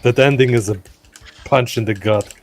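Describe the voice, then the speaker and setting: A man in a casual chat, joking and teasing in quick banter. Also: medium pitch, faint music behind. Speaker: guest on a hobby stream.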